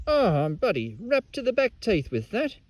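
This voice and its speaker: An Australian man excitedly showing off metal detecting finds at an old rubbish dump, in a casual outdoor vlog full of slang. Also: sits high, normal speed, dry recording.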